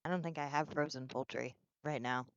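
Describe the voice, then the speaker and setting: A woman's voice: low voice, fairly quick, dry recording, dull audio. A young woman co-hosting a podcast, sarcastic and exasperated, swearing in casual chat. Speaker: podcast co-host.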